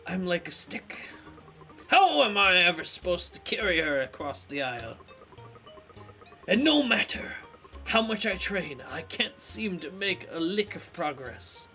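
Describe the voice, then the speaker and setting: A man's voice: high voice, sing-song, a little slow, sharp tone, soft background music, exaggerated voice. A man voicing a scrawny, lovesick young man from a game, reading his lines in a grand, theatrical way. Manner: grandly theatrical reading, swooping up on the big words.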